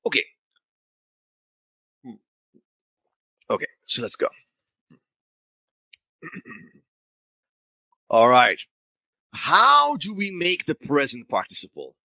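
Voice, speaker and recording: A man's voice: medium pitch, huge pitch swings, takes it slowly, long pauses, sharp tone, no room sound, muffled recording. A man teaching an English grammar lesson to Spanish speakers, asking and answering his own questions and switching into Spanish to explain.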